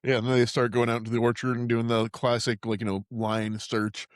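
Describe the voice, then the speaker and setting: A man's voice: medium pitch, flat delivery, dry recording, clean studio sound. A man co-hosting a podcast, riffing loosely on a movie with many "like"s, swearing and jokes. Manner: laid-back, lots of "like" and swearing, quick jokes. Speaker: podcast co-host. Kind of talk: casual movie recap chat.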